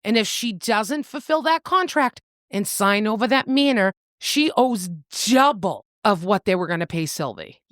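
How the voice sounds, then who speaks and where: Lively woman retelling a story. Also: mid-range voice, normal speed, few pauses, dry recording, studio quality. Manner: animated plot retelling with acted-out quotes and swearing. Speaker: podcast co-host. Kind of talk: casual book-club chat.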